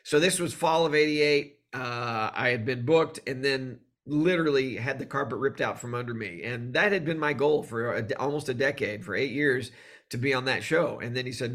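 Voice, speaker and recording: A male comedian telling animated stories as a guest in an interview, acting out the voices he quotes. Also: medium pitch, normal speed. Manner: animated storyteller who acts out quoted voices. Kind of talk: storytelling in a conversational interview.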